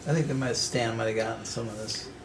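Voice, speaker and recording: A man chatting casually at a beer tasting, easygoing and softly agreeing with the others. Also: fairly low pitch, fairly even intonation, fast talker, noisy background. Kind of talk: casual chat.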